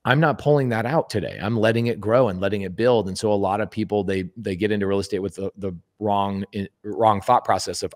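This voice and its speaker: A man with a fairly low voice talks casually as a podcast guest. He is emphatic and animated and drives his points home by repeating words. He slips into little acted-out bits of dialogue as he goes. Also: a little fast, hardly any pauses. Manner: emphatic, animated storyteller who acts out quoted speech.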